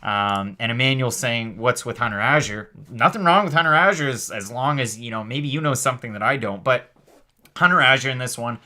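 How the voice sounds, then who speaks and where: A man hosting a live MMA stream, talking fast and chatty with lots of fillers while reading out the chat. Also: mid-range voice. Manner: energetic, rapid, chatty with many fillers. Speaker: host of a live MMA show.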